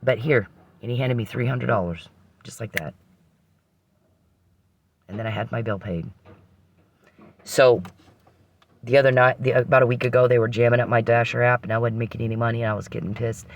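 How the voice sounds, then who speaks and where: A man's voice: medium pitch, fairly even intonation, fairly quick, long pauses, a little hiss or hum. A man hosting a podcast, telling a rambling personal story with frequent restarts and religious reflection.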